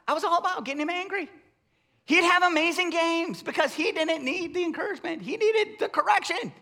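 A middle-aged male pastor preaching with a notably high, bright voice. His pitch swings widely as he talks in a relaxed, conversational way, then pushes into loud, emphatic bursts. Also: brisk. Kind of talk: sermon.

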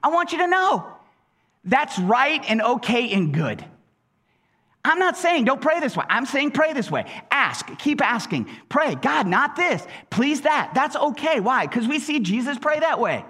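A male pastor preaches with a high, bright voice that swings widely in pitch. He talks conversationally, often repeating words, and slips into acted-out voices for the prayers he quotes. The delivery stays animated throughout. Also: measured pace. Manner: conversational, with frequent word repeats. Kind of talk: sermon.

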